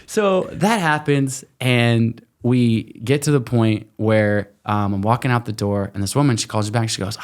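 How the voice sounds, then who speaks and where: Brief: animated male interview guest, thirties, rambling storyteller doing little voices for others. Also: mid-range voice, moderate pace, hardly any pauses, clean tone. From United States. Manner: animated, acts out quoted voices, many fillers. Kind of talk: casual storytelling.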